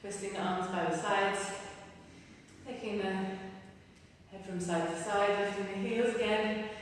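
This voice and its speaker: A woman's voice: mid-range voice, steady tone, slow. A woman fitness instructor leading a live workout class, a little out of breath, encouraging and counting down the reps. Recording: roomy echo, distant from the mic, faint noise.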